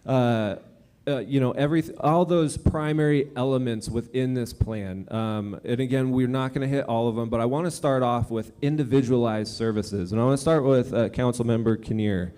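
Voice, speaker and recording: A man's voice: medium pitch, normal speed, mellow, smooth. A man moderating a public panel discussion, speaking loosely with many fillers and keeping the session moving. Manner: loose, filler-heavy, keeps things moving.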